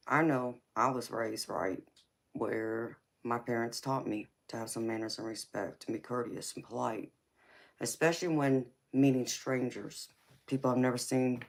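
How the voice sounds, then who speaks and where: Her bass voice has vocal fry, fairly even intonation and an unhurried pace. She's a tarot reader and livestream host from Georgia, United States, with a Southern US accent, casually greeting viewers as honey and baby, laughing often, and lecturing them on manners in a folksy way.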